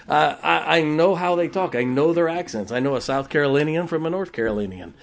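Brief: male pastor, folksy joking sermon delivery, loud exclamations. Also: a little high, lively intonation, fast talker, gravelly, hardly any pauses.

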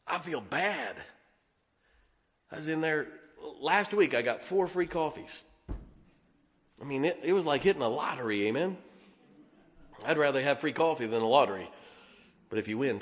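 A man preaching as a Baptist pastor, telling animated personal stories and asking his congregation to listen up. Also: a little high. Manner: animated storytelling, keeps asking the congregation "can I tell you something". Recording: long reverb of a large hall.

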